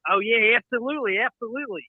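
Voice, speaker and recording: A man's voice: very high voice, quick pace, narrow, tinny audio. A man calling into a podcast and putting on a jokey Australian accent as a caller from down under. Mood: joking. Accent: put-on Australian. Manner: joking, over-the-top Aussie slang.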